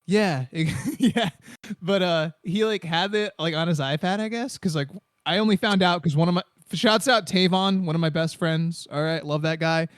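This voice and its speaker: High-voiced young man telling funny stories. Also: no room sound, clean studio sound. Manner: animated, laughing, quick asides. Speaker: podcast co-host. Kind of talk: casual comedic storytelling.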